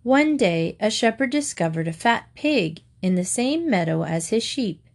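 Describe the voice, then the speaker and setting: A woman calmly reading fables aloud, clear and steady as a storyteller. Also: mid-range voice, unhurried. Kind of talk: scripted storybook narration.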